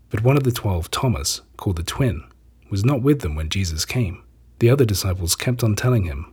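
A man reading scripture aloud in a measured, solemn way. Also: lowish voice, lively intonation, a little mellow, husky. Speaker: scripture reader.

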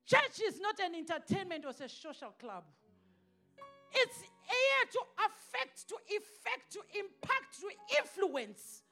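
A woman preaching a sermon with passion, rising to shouts and dropping to hushed scripture reading. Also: extremely high pitch, very animated, measured pace, faint music behind.

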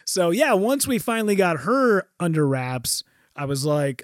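A middle-aged man and stand-up comedian telling stories in a casual chat, animated and swearing freely, with many restarts. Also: high-pitched, a little slow, no echo. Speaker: stand-up comedian, podcast guest.

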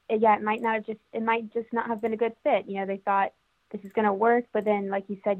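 Woman guest, flat tone, tinny phone line, chatty and agreeable. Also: mid-range voice, gravelly, no echo. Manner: agreeable, chatty, many fillers. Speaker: guest commentator. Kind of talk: casual conversation.

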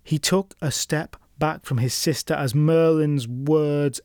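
A male storyteller reads a folk tale, building scenes with drama and tossing in wry asides. His voice sits slightly high. The recording is close and dead dry. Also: steady tone, takes it slowly, a little mellow, clean tone, no echo. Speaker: storyteller host. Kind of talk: scripted folklore narration.

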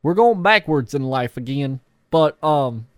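A man's voice: fairly high pitch, expressive, unhurried, clear, resonant tone, dry recording, studio quality. A young man vlogging casually, rambling and self-deprecating with lots of fillers. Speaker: YouTuber. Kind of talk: casual vlog talk.

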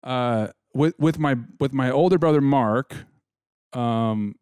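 A man's voice: medium pitch, slow, a little mellow, clear, resonant tone, dry recording. A man telling a rambling, joking story in casual chat, with lots of restarts. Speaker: podcast co-host.

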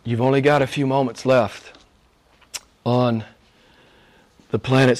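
A man preaching a sermon as pastor, moving between hushed, almost whispered lines and loud, emphatic passages. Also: medium pitch, normal speed, pauses often.

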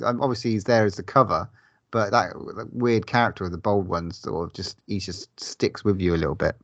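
A man with a lowish voice, co-hosting a casual podcast and talking films with eager enthusiasm and easy swearing. The recording is dry and close, with a slightly muffled, lo-fi tone. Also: no room sound. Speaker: podcast co-host. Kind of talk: casual chat.

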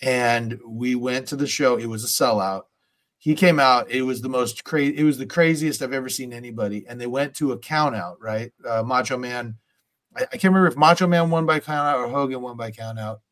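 A man's voice: medium pitch, a bit bright. A man in his forties hosting an interview, chatting casually and asking questions. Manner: conversational, with fillers and quick questions. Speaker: podcast host.

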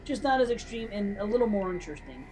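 A woman's voice: mid-range voice, expressive, fast talker, rough recording. A woman in casual podcast chat about a film, blunt and swearing heavily as she explains her take. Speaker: podcast co-host.

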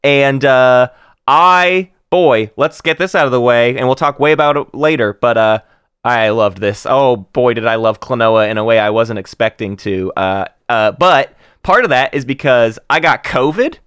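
A man's voice: medium pitch, normal speed, clear, resonant tone, no room sound, studio quality. A man with a Southern accent, co-hosting a podcast in casual chat and opening the show with upbeat energy. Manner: animated, upbeat show opener. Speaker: podcast co-host.

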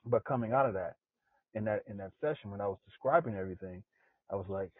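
A man from South Central Los Angeles, a podcast guest telling his personal story in an earnest, halting way. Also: fairly low pitch, husky, dry recording. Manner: earnest, repeats himself, halting. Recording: tinny phone-like line.

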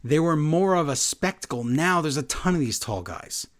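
A man with a slightly high voice that swings widely up and down, talking through a wrestling show in a casual, sarcastic way. He laughs often and keeps the mood animated. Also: moderate pace. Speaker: podcast co-host. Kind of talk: casual wrestling recap chat.

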